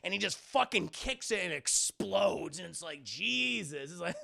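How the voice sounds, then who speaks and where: A man casually retelling a film's plot to his stream chat, animated and profane. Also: high voice, moderate pace, vocal fry, few pauses. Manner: animated, profane, laughs often. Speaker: movie reviewer streaming to chat.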